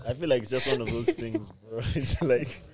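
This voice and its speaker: Relaxed man, podcast co-host, drawn-out easy talk. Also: medium pitch. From Uganda. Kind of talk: casual chat.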